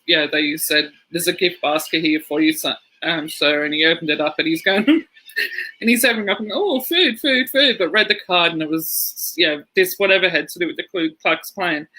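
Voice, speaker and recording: A man tells stories in loose, casual podcast chat, wandering off on tangents and laughing along the way. His voice sits a little high and sounds very bright and sharp. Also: rough recording. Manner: rambling storyteller, laughs through anecdotes. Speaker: podcast co-host.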